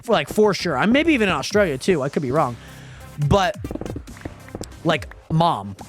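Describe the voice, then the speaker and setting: A man from Spokane livestreams in loose, rambling chat, full of fillers and quick laughs. His pitch swings widely as he talks. Music plays clearly behind him. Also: sing-song. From Spokane, Washington, USA. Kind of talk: casual chat, reacting to viewer chat.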